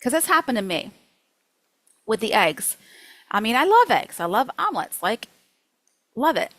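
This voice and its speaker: A woman nutrition coach teaching a workshop in a lively, chatty way, acting out her own thoughts. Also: on the high side, moderate pace, dry recording, low-quality recording.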